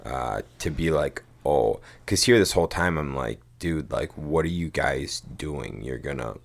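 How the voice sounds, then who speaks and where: Very deep, gravelly-voiced man chatting. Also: expressive, a little slow. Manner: rambling storyteller, swears casually, says "dude" and "like" a lot. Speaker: podcast co-host. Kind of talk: casual chat.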